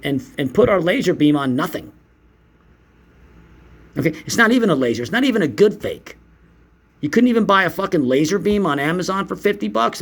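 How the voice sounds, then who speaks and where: A man giving casual commentary on videos in a sarcastic, mocking, profane manner. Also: on the high side. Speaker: YouTube commentator.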